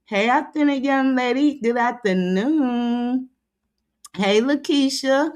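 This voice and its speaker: Chatty woman greeting her livestream viewers. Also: a little mellow. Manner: chatty, drawn-out greetings, drops low when reading comments aloud. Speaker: livestream host.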